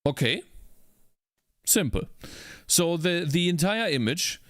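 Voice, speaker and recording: A man's voice: fairly high pitch, lively intonation, takes it slowly, fairly bright tone, dry recording, clean studio sound. A man streaming while he works on a game, talking to himself, frustrated and swearing. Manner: frustrated, exasperated, talks to himself. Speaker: indie game developer streaming. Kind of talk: live-stream chat while working.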